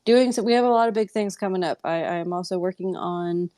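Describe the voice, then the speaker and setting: A woman hosting a casual live audio show. Her voice sits low for a woman, and the sound is dry and close. She rambles along chattily, laughing at herself as she goes. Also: brisk, mellow, no room sound. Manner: chatty, rambling, self-deprecating. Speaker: podcast host.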